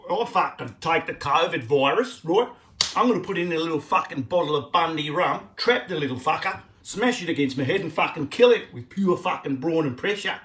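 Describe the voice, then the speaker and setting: A man putting on a loud swearing Queensland bloke. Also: a little high, expressive, a little fast, voice pushed up. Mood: aggressive. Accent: Queensland Australian. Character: brash aggressive Queensland bloke.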